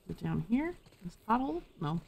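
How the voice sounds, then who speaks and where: A woman's voice: mid-range voice, very animated, a little fast, gravelly. A woman giving casual, playful live commentary while streaming a game, swearing freely and chatting with her viewers. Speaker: gaming streamer.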